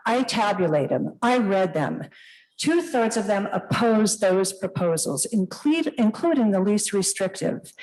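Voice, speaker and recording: A woman's voice: mid-range voice, darkish tone, rough recording. Woman, public commenter, fired-up and indignant, punchy emphatic delivery, mid-range voice.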